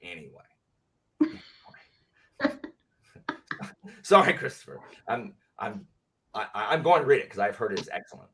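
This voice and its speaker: A man hosting a livestream, talking in a heated, animated rant full of slang in casual chat. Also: fairly low pitch, moderate pace, pauses often, husky. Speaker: livestream host. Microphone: clip-on mic. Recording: distant from the mic.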